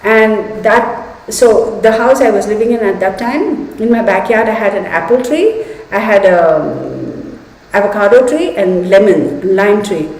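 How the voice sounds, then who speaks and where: A woman hosting a livestream, telling a personal story in an animated, chatty way and speaking straight to her viewers. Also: medium pitch, unhurried. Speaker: tarot channel host. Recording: echoey room with long reverb.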